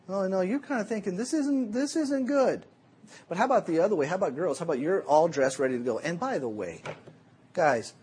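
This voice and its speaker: Animated, high-pitched male Bible teacher. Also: slightly rough. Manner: animated, jokey storytelling. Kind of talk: sermon.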